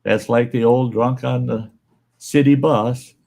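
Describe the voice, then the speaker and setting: A man's voice: medium pitch, fairly even intonation, a little slow, vocal fry, warm tone. A man in his sixties hosting a casual video chat, telling jokes and laughing between them. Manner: laughs between stories, tells drunk jokes. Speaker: show host.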